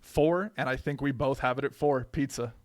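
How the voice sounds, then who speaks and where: A man co-hosting a podcast, chatting casually in a laid-back way. He swears freely and often repeats himself. His voice sounds dry and close, with his pitch in the middle of the usual male range. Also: normal speed, no echo. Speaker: podcast co-host. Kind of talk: casual chat.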